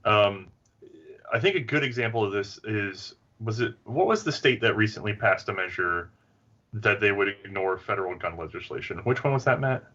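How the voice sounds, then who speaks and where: A man's voice: lowish voice, expressive, moderate pace, bright, forceful tone, lo-fi sound. A man talking as a podcast guest, thoughtful and hedging, working his point out carefully. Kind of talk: casual podcast discussion.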